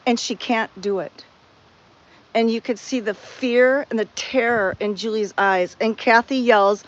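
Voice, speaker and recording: A woman's voice: a little high, steady tone, a little slow, lo-fi sound. A woman chatting to her viewers outdoors at a cat sanctuary, telling a rambling story with frequent restarts.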